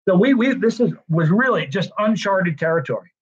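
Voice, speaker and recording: Tired, husky male streamer with a slightly high voice, rambling warm thanks, muffled lo-fi sound. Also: expressive, fairly quick. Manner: effusive, rambling thank-yous to viewers. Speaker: livestream host. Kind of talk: casual livestream chat. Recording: dull lo-fi stream audio.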